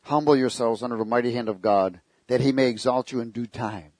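A man's voice: medium pitch, a little fast, darkish tone, no echo. A man preaching a sermon, telling stories with jokes and asking the congregation rhetorical questions.

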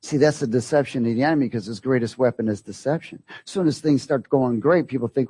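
A man's voice: mid-range voice, normal speed, mellow, slightly rough, no room sound. A man preaching a sermon, emphatic, repeating phrases and asking the congregation rhetorical questions.

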